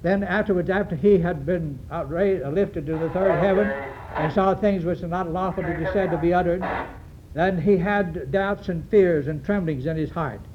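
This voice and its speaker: A man preaching a sermon to his congregation, earnest and halting, with many fillers and restarts. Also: high-pitched, crowd noise. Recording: dull lo-fi recording with faint hiss.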